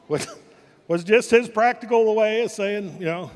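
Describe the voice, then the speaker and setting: An older man from Kansas spins deadpan family stories, stopping to correct himself mid-sentence. His voice sits high for a man. It rings with the long echo of a large event hall. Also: measured pace. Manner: dry storytelling with self-corrections. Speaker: family member giving a speech. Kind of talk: humorous anecdotal speech. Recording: reverberant hall.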